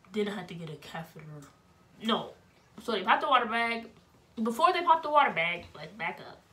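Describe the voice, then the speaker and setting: Animated young woman telling a story. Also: medium pitch, distant mic, slight background noise. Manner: animated, acts out voices of relatives and nurses. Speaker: vlogger. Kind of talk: casual storytelling.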